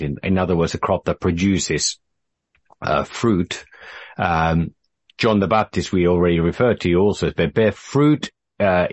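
A man leading a group Bible study, patient and measured, with frequent fillers and restarts. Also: low voice, breathy edge, no echo.

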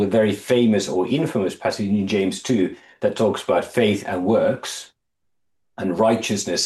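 Low-voiced man teaching a Bible study. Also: a little mellow. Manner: thoughtful, halting restarts, reads scripture aloud and quizzes listeners. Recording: echoey room.

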